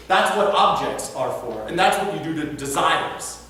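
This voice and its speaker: A man's voice: a little high, sing-song, normal speed, bright, forceful tone. A man, a philosophy professor, giving a live lecture in a hall and often checking that the audience follows. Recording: echoey hall, distant mic, faint noise.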